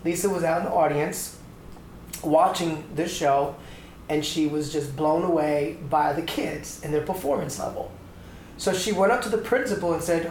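A middle-aged man from Atlanta, Georgia, a choreographer and dancer telling his story in an interview, animated, acting out the voices he quotes. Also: a little high, normal speed. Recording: echoey room with faint background noise.

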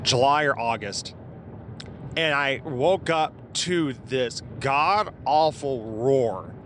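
A man's voice: medium pitch, background noise. A man from southeast Iowa casually telling a personal encounter story in a rambling, informal way, with fillers and the odd curse word. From southeast Iowa, USA.

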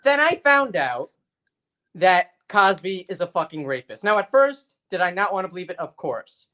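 A woman's voice: on the low side, big pitch swings, moderate pace, fairly bright tone. A woman co-hosting a casual podcast chat, venting heatedly with frequent swearing and acting out the voices of others. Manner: acts out quoted voices. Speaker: podcast co-host.

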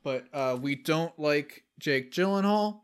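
A man co-hosts a loose, casual podcast conversation. His voice sits a little on the high side, and he rambles and swears freely, now and then slipping into goofy voices. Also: expressive, slow pace, clean tone. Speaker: podcast co-host. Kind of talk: casual chat.

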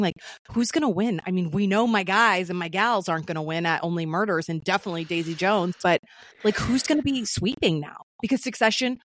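A woman co-hosting a podcast, talking about TV in an emphatic, excitable way. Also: on the low side, no echo, studio quality. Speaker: podcast co-host. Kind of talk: casual chat.

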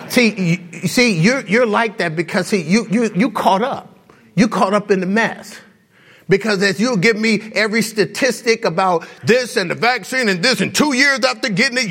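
Man, pastor, sermon, gravelly, wide-ranging pitch, impassioned, talks straight to the congregation. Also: fairly bright tone. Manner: impassioned preaching, rhetorical questions, chuckles between points; conversational, addresses the congregation directly.

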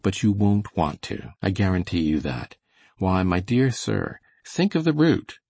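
A hearty, persuasive little official talks up his cause in a husky, gravelly voice lifted a little above the reader's low register, as a man puts him on. The sound is dry and close. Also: very animated, unhurried, mellow, no room sound, exaggerated voice. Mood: enthusiastic. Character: shrewd, kindly, enthusiastic little man around thirty.

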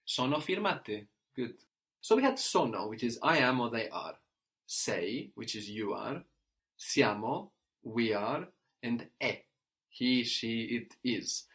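A male teacher explains step by step in a patient, unhurried way. He often checks in with a questioning "no?" as he guides a learner through a spoken lesson. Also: mid-range voice, animated, a bit bright. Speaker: language teacher.

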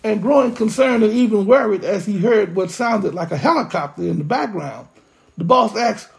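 A pastor preaching a sermon with impassioned, drawn-out emphasis. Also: mid-range voice, expressive, creaky.

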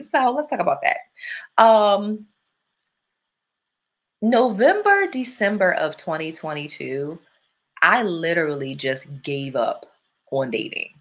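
A woman, in a lower register. She talks to her listeners in a casual, reflective way. She tells her stories with animation and slips into playful voices. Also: lively intonation, unhurried, long pauses.

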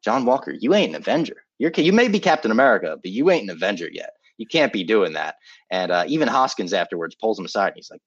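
A man's voice: low-pitched, expressive, fast, dry recording, muffled recording. A man co-hosting a casual podcast, reading an ad and then retelling a show loosely, with swearing. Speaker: podcast co-host. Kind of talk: casual podcast chat with ad read.

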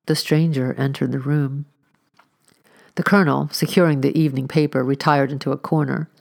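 Woman narrator, low gravelly voice, measured wry read. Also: fairly even intonation. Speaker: audiobook narrator. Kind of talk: scripted narration.

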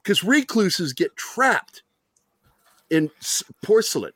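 A man's voice: high-pitched, big pitch swings, slow pace, a bit bright, no room sound, studio quality. A man hosting a podcast, telling rambling, profane stories in casual chat and laughing often. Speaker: podcast host.

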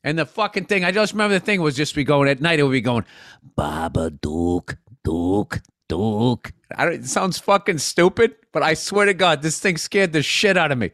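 A man's voice: on the high side, fast, few pauses, dry recording, studio quality. A man co-hosting a podcast, telling stories in casual, profane chat. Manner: animated, profane storytelling. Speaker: podcast co-host.

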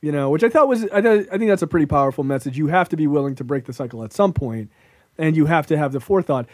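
A man's voice: fairly high pitch, animated, fast, no room sound, clean studio sound. A man co-hosting a podcast, chatting casually about a film, loose and profane, laughing often. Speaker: podcast co-host.

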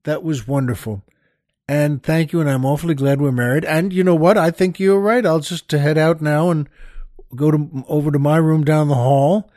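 Brief: man doing a chatty, forgetful rich old husband, somewhat high, dry sound. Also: fairly even intonation, moderate pace, mellow, dry recording, natural voice. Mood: pleased. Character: wealthy 85-year-old husband, cheerful and forgetful.

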